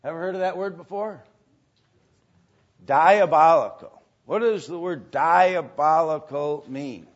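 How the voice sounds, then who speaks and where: A man teaching a sermon, speaking with many pauses and filler sounds. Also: a little high. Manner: slow, halting, many fillers. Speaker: preacher. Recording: dull lo-fi sound.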